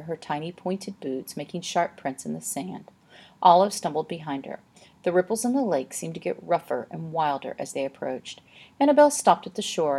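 A woman narrating a storybook aloud in a steady, expressive way. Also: on the low side, breathy edge. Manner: steady, expressive, slows for tense moments.

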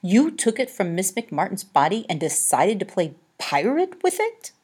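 A woman's voice: medium pitch, huge pitch swings, a little slow, darkish tone, breathy edge, voice pushed up, exaggerated voice. A woman voicing a grumpy, stern old orange tomcat with a terse, hissing manner. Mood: accusing.

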